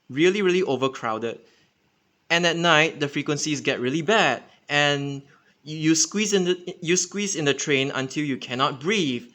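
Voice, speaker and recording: A man's voice: medium pitch, bright, forceful tone. A man with a Singaporean English accent giving an unscripted, casual explainer, rambling with many fillers and self-corrections. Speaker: transit enthusiast channel host.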